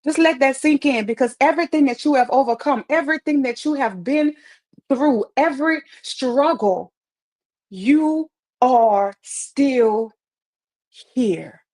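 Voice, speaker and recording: A woman's voice: high-pitched, moderate pace, darkish tone. A woman on a live stream answering viewer comments with upbeat encouragement, often repeating phrases for emphasis, speaking into a wireless earpiece. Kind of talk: motivational live-stream chat.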